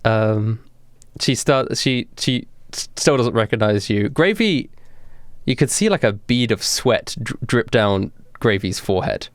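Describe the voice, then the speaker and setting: A man runs a tabletop game, describing scenes slowly and with plenty of ums and pauses. His voice sits in a middle pitch. The sound is dry and close, with no room around it. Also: expressive, no room sound. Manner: unhurried, with many fillers. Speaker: game master.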